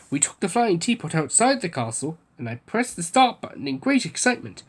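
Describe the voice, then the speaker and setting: Man, storybook reader, very animated pitch, cheerful read-aloud. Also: fairly quick, few pauses, breathy edge. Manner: lively storytelling, raising pitch for quoted speech. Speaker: book reader. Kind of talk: reading a children's picture book aloud.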